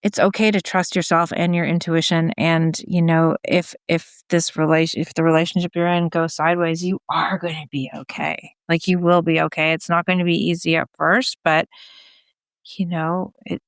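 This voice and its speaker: A woman's voice: low voice, moderate pace, smooth, no room sound, studio quality. A middle-aged woman from Canada, a podcast guest telling her own story candidly and acting out what she said. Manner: animated, acts out quotes of herself.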